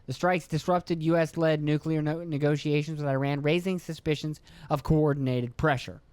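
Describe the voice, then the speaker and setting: A man's voice: on the high side, fairly even intonation, normal speed, a little mellow, smooth, no room sound. A man hosting a solo podcast, reading news notes and breaking off into offhand, profane asides. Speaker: podcast host.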